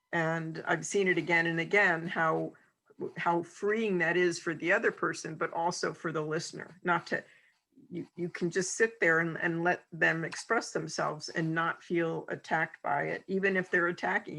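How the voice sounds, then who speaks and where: Woman co-host, gravelly edge, bright forward tone, animated storyteller. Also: lowish voice, rough recording. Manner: animated storyteller with repeated restarts. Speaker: podcast co-host. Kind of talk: conversational podcast talk.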